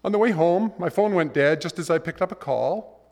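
A man's voice: high voice, brisk, a little mellow, voice pushed up. A man voicing a grown man whining to God about his bad day. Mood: aggrieved. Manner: complaining, aggrieved.

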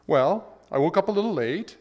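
A man's voice: a little high, animated, moderate pace, a little mellow, voice pushed up. A man voicing a grown man whining to God about his bad day. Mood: aggrieved. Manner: complaining, aggrieved.

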